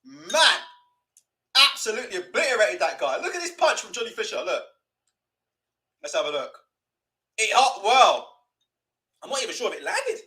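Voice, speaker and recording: Young man, casual stream host, sweary and mocking, high, lively voice. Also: moderate pace, long pauses. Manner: sweary, mocking, laughs a lot. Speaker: livestream host. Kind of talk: casual live boxing watch-along commentary.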